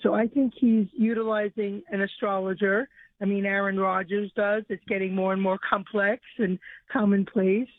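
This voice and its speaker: A woman's voice: medium pitch, level tone, normal speed, no echo. Woman caller on a tinny phone line. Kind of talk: call-in to radio show.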